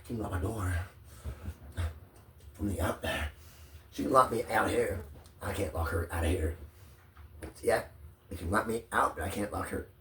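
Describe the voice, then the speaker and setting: A man's voice: lowish voice, fairly bright tone, far from the mic, slight background noise. A stressed man rambling profanely into his phone, drifting from one idea to the next. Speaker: vlogger.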